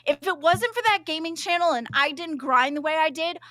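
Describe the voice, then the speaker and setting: A woman, a show regular, ranting in a worked-up, emphatic way on a livestream, and her voice turns squeaky when she gets loud. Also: brisk, no room sound, clean studio sound. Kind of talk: livestream reaction chat.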